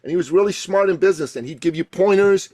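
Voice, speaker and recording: A man guesting on a podcast as a coach, telling a story with passion and building to loud emphatic peaks. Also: high-pitched, fast, dry recording. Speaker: guest, coach and thought leader.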